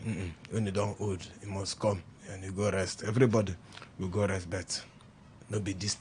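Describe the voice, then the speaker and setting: A man's voice: sits low, little pitch movement, normal speed, a little hiss or hum. Joking Nigerian radio man. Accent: Nigerian Pidgin English. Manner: jokey, laughing, loud announcer bursts. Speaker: radio co-host. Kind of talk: casual Pidgin radio banter.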